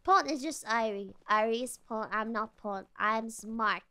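A woman streams a game from her home, her voice high and bright. She talks at an unhurried pace between jumpy, excitable shrieks. Her pitch swings widely as she reacts. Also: smooth. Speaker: VTuber streamer. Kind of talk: casual gameplay commentary.

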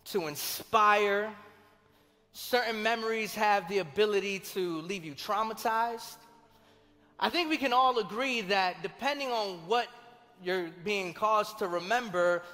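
A high-voiced, bright-toned young pastor preaches in a lively, conversational way and acts out the people in his stories. His voice rings with the long reverb of a large church hall, with faint music behind it. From Colombia. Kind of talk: sermon with personal storytelling.

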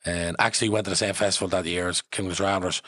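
Fast-talking Dublin man, low voice. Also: no echo, studio quality. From Ireland. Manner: animated, swears freely, acts out quoted voices. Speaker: podcast guest. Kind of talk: casual storytelling.

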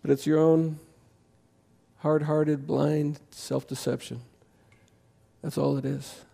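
Pastor, gravelly voice sitting a bit high, impassioned conversational sermon. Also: male voice, flat delivery. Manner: impassioned, conversational preaching with quick swings to loud emphasis. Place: church sanctuary.

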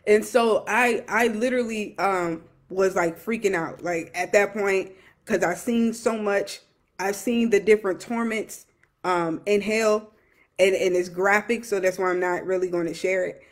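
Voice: mid-range voice, fairly even intonation, unhurried. A young adult minister giving an emotional personal testimony, earnest and repetitive, with many fillers and restarts.

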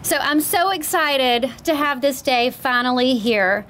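A woman's voice: high-pitched, animated, a little slow, fairly bright tone. A woman, giving a heartfelt, teary speech at a podium as a new studio owner. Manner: emotional, teary, heartfelt thanks. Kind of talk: ceremony speech. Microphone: podium microphone.

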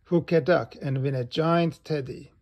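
A man's voice: a little high, steady tone, measured pace. Miss Rabbit, a sing-song rabbit stall keeper, as a man puts her on. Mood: cheery. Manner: loud sing-song calling out.

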